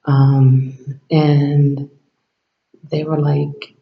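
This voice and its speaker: A man's voice: on the high side, monotone, extremely slow, vocal fry. A man telling a personal story to camera in a rambling, casual way, acting out dialogue and sometimes dropping to a whisper. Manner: rambling, acts out quoted dialogue, drops to a whisper at times. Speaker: vlogger. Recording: roomy, dull lo-fi sound.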